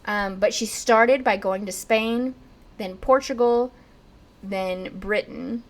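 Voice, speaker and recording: A woman's voice: medium pitch, slow pace. A young woman casually telling a history story on a podcast, chatty and full of "like", acting out quotes. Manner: chatty, lots of "like", acts out quotes in lively bits.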